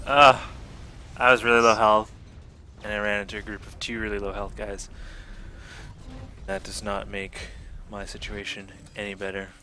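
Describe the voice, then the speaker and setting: A man's voice: lowish voice, completely flat delivery, normal speed, pauses often, bright, forceful tone, slight background noise. A young man in his twenties, chatting casually while playing a game, laid-back with short replies. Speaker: gaming streamer. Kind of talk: casual chat while gaming.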